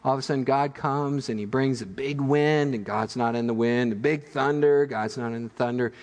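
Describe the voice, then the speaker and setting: A man preaching a sermon as pastor, telling stories in an animated, humorous way. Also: medium pitch, normal speed, in a large hall. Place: church sanctuary.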